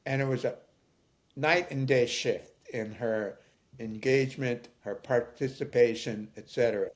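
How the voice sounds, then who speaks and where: An older man speaking as an interview guest, telling stories in a thoughtful, halting way with many fillers. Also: mid-range voice. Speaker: guest, founder of an aging nonprofit. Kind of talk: conversational storytelling interview.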